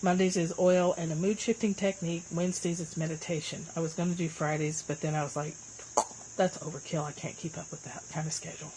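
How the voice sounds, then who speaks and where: Woman livestream host, casual and chatty, slightly low voice; faint cricket noise under the mic. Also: a little fast, low-quality recording. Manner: chatty, answers viewer comments, lively swings in pitch.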